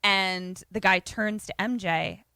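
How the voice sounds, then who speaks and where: A woman's voice: mid-range voice, slow, smooth, no room sound. A woman co-hosting a podcast, casually recapping a movie and acting out the characters' lines. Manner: animated retelling, acts out characters' lines. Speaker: podcast co-host.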